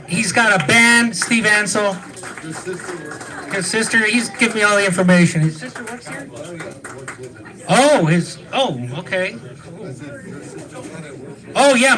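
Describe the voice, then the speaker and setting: A man's voice: high-pitched, bright, forceful tone. A man hosting a live roast, joking and laughing at his own lines as he introduces guests. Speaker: emcee of the roast.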